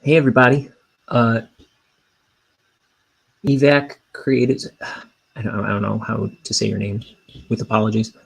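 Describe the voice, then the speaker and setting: A man's voice: lowish voice, little pitch movement, normal speed, gravelly, pauses often, husky, low-quality recording. A young man chatting casually on a livestream, rambling and self-deprecating, with hesitant restarts. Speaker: cartoonist streamer.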